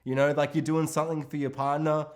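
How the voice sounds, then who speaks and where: A man's voice: a little high, fast. A man co-hosting a podcast, chatting casually about a film, swearing freely and slipping into voices for the characters. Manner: animated, swearing, acts out characters in quotes. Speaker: podcast co-host.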